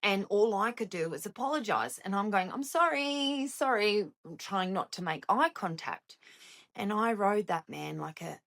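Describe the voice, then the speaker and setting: A middle-aged woman with an Australian accent telling a comic personal story, wry and animated, with sharp comic timing. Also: medium pitch, normal speed, vocal fry.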